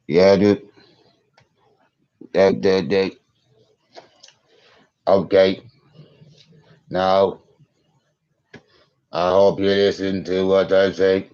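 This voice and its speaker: A man's voice: low-pitched, fairly even intonation, extremely slow, pauses often, dark tone, muffled recording. A man in his thirties rambling through a live-stream monologue, repeating himself and swearing for emphasis. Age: 30s. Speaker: conspiracy vlogger.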